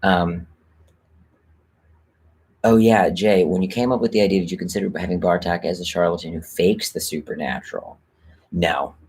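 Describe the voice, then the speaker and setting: A man's voice: low-pitched, steady tone, moderate pace, pauses often, darkish tone, slight background noise. A man hosting a live stream and talking casually about rewriting a script, rambling and candid, with lots of fillers and casual swearing. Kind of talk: casual livestream chat.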